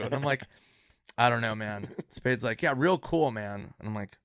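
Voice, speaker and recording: A man's voice: medium pitch, lively intonation, normal speed, a bit bright, no room sound. Man telling profane backstage stories, dry. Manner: profane, acts out others' lines with rising voice. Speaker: guest comedian. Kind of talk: casual anecdotal storytelling.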